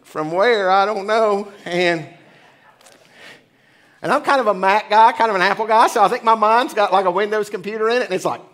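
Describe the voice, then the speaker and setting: A man's voice: high-pitched, moderate pace, a bit bright. A pastor in his forties giving a casual, joking sermon in church. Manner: chatty, joking asides. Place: church sanctuary.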